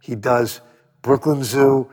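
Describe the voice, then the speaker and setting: Husky-voiced man telling wild stories. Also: medium pitch, slow, big-room sound, faint music behind. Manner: animated storyteller, acts out quotes, swears freely. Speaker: record producer guest. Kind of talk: storytelling interview.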